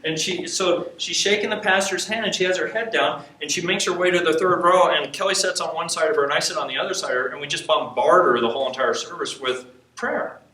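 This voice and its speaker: A man preaching, telling a personal story with animated quotes and frequent laughs. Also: fairly high pitch, fast, few pauses. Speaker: preacher teaching on intercession. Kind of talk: sermon storytelling. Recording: echoey hall from far off, faint hiss.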